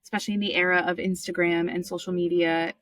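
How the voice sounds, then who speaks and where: A woman's voice: fairly low pitch, little pitch movement, quick pace, fairly bright tone, recorded from a distance, slight background noise. A woman co-hosting a podcast, affirming her guest and asking him questions in an effusive way. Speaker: podcast co-host. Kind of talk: interview chat.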